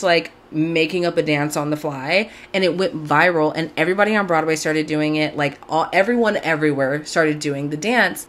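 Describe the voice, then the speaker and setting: Chatty low-voiced young woman. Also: a bit bright. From Southern California. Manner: chatty, gushing, lots of "like". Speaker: podcast host. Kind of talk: casual chat to camera. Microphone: camera mic, video-call style.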